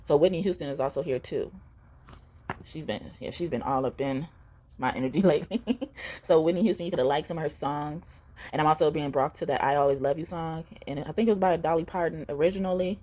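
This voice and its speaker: A woman with a notably low, deep voice gives a casual tarot reading straight to camera. She talks earnestly and affectionately, rambling and often repeating her words. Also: warm tone. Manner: affectionate, addressing the viewer directly. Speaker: tarot reader.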